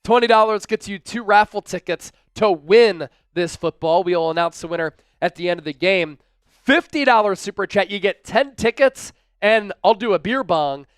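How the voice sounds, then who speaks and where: A man hosting a live football fan stream, keeping the energy high as he reads out viewer messages and previews the game. His voice sits high and comes through smooth and clean. It is close and dry on the mic. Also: normal speed, no room sound. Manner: energetic, hype-driven, reads super chats aloud. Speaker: sports livestream host. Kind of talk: live fan-show commentary and chat shout-outs.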